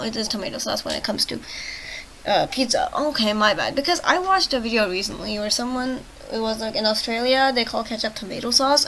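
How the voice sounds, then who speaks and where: A woman reading a text adventure game aloud for her channel, her voice a little high and very bright and forceful. She stumbles over words, restarts and keeps stepping out of the story to joke about it. She is short on sleep. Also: a little hiss or hum, low-quality recording. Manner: trips over words and restarts, breaks off into joking comments. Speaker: gaming channel host.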